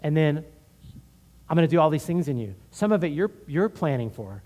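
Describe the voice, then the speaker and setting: A man's voice: a little high, big pitch swings, brisk, a little mellow. A man from Houston, a pastor, preaching a conversational sermon full of personal stories and frequent "right?". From Houston, Texas.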